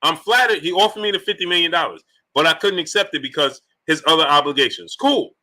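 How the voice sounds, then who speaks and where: A man's voice: fairly high pitch, quick pace, bright, forceful tone. A man hosting a boxing talk live stream, reading out super chats and firing repeated rhetorical questions at the chat. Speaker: boxing talk show host.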